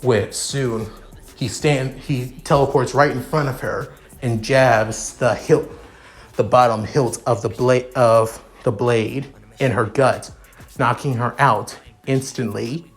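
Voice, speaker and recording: A man reading his fan fiction aloud in a halting, repetitive way with many restarts. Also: medium pitch, steady tone, soft background music.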